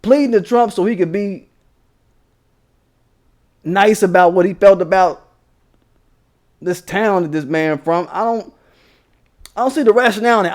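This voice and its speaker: A man's voice: high voice, darkish tone. A man from Maryland giving a profane, heated commentary rant on his vlog. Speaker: commentary vlogger. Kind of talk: ranting commentary.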